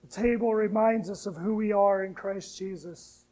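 High, mellow-voiced preacher, slow and dynamic. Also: male voice, steady tone, poor audio. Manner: preaching with sharp swings between soft, hushed lines and loud, rising ones. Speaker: pastor. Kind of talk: sermon.

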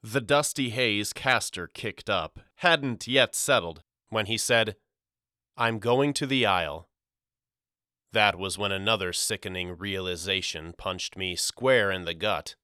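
A man narrating an audiobook in a measured, deliberate storytelling manner. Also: on the low side, sharp tone, smooth, no echo, studio quality. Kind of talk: scripted narration.

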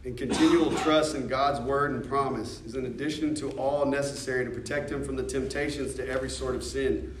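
A man's voice: mid-range voice, fairly even intonation, brisk, noisy background. A man with an American accent teaching a church discipleship class in a conversational way, asking the class questions and joking. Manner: conversational, asks the class questions, jokes and laughs. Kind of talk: informal teaching talk. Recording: echoey room from a distance.

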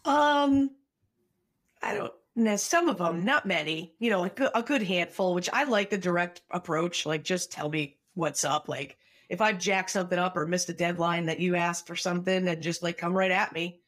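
A woman's voice: fairly low pitch, moderate pace, fairly bright tone. A woman from New England speaks as a podcast guest. She is blunt and outspoken, and she talks in a direct, casual way. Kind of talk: casual conversation.

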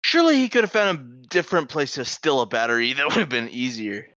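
A man's voice: medium pitch, fast talker, no room sound, dull audio. A man, co-hosting a podcast, telling stories in casual banter and swearing freely. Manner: animated storytelling, swears freely. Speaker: podcast co-host.

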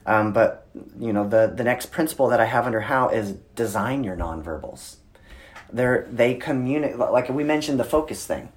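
A man in his thirties, a guest in an interview, explaining communication with lively storytelling and frequent filler words. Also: mid-range voice, normal speed. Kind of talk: conversational interview.

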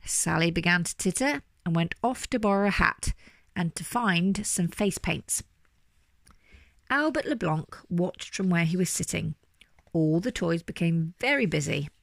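A woman reading a children's story aloud with lively, animated delivery. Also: on the low side, creaky, no room sound, studio quality. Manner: animated, doing character voices. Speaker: storybook reader.

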